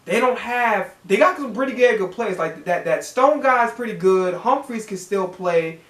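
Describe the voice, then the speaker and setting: A man's voice: sits high, animated, moderate pace, a bit bright. A man hosting a football reaction video, ranting with heavy profanity and lots of repetition. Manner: profane, ranting, repeats himself. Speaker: sports fan channel host. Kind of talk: heated football reaction rant. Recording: roomy echoey room.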